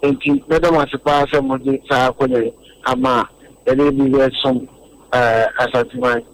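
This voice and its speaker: A man's voice: medium pitch, fairly even intonation, unhurried, a little hiss or hum, low-quality recording. A man explaining a topic earnestly on a radio discussion, often repeating words as he goes.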